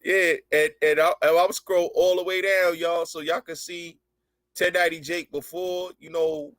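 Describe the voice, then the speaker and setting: A man's voice: on the high side, level tone, moderate pace, fairly bright tone, dry recording. A man hosting a casual online show, chatting over a call, agreeing often and repeating himself. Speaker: show host. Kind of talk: casual video-call chat.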